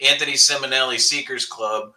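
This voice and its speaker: A man chats casually on a panel, his voice strikingly bright and cutting. He tells stories bluntly and animatedly, with the odd curse thrown in. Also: medium pitch, a little fast, distant mic, poor audio. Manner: blunt, swears, animated storytelling.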